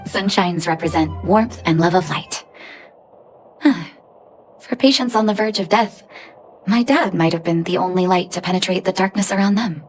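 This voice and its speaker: Brief: woman voicing soft-spoken young woman for a game cutscene, lowish voice, music underneath. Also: moderate pace, natural voice. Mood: wistful. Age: young adult. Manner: soft, reflective, sighing. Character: gentle grown-up orphan woman, heartfelt.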